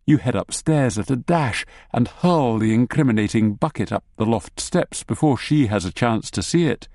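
A man's voice: mid-range voice, animated, moderate pace, a little mellow, no echo. A man narrating an audiobook in the second person with a wry, dry humour.

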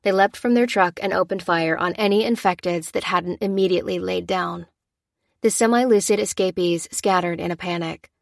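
Low-voiced woman reading a thriller. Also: normal speed, vocal fry, no echo, studio quality. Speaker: audiobook narrator. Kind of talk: scripted narration.

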